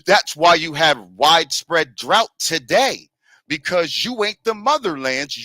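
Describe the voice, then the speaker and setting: A man's voice: on the high side, pushed and bright, no room sound, low-quality recording. A man making an emphatic, lecturing case in an online debate and talking over others. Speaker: debater presenting a historical argument.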